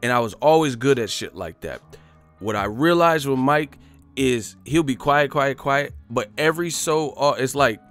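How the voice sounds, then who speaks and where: A man's voice: medium pitch, lively intonation, moderate pace, fairly bright tone. Guy hosting a live boxing stream, slangy and swearing, laughs a lot, faint music behind. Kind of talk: casual livestream chat.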